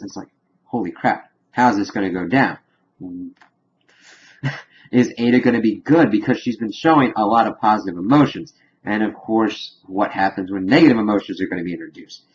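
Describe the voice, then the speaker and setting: A man's voice: fairly low pitch, lo-fi sound. A man giving a casual, rambling spoiler recap of a TV episode, full of fillers and swearing. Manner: rambling, filler-heavy, profane. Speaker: TV episode reviewer.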